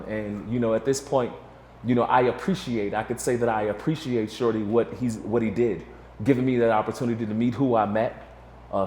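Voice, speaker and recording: A man's voice: medium pitch, darkish tone, slight background noise. A man in his forties, a guest in an interview, telling a long story in a casual, rambling way full of "you know". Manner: rambling, filler-heavy, restarts with "you know". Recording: roomy echo.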